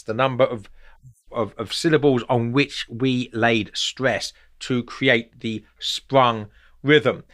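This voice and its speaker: A man's voice: mid-range voice, a bit bright. A man hosting a talk on poetry, explaining unscripted and thinking aloud with many repeated words.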